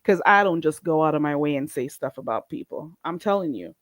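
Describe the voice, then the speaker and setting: A woman's voice: deep voice, animated, fairly quick, no room sound. A woman from Jamaica hosting a livestream, ranting in a profane, combative and mocking way. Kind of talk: heated livestream rant.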